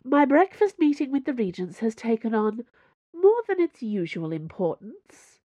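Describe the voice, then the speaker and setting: A woman voicing a smooth, cunning female cardinal who speaks in a poised, purring way. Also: fairly high pitch, sing-song, a little slow, dark tone, no echo, muffled recording, pitched above the performer's own voice. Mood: dismissive.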